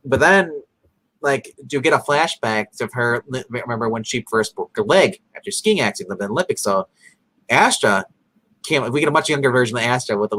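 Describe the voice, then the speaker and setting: A man's voice: medium pitch, pushed and bright, no echo, poor audio. A man co-hosting a casual episode recap, rambling with many fillers and acting out characters' lines. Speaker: podcast co-host.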